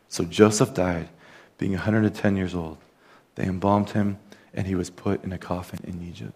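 A man's voice: lowish voice, fairly even intonation, moderate pace, a little mellow. A man preaching a sermon in an earnest, conversational manner, with casual asides. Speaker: pastor.

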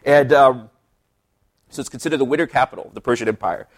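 A man's voice: medium pitch, fast talker. Laid-back man teaching Bible study. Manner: relaxed and chatty, many fillers and asides. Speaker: pastor.

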